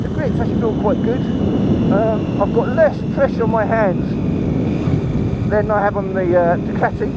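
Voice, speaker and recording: A man giving a chatty, excitable ride-along review of a motorbike, swearing freely, talking into a helmet mic outdoors. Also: sits high. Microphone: helmet-mounted mic. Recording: muffled, engine and road noise.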